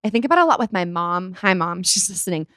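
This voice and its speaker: A young woman hosts a podcast, chatting casually and acting out quoted voices in a chatty, animated way. Her voice sits on the low side, and the recording is clean studio sound with no echo.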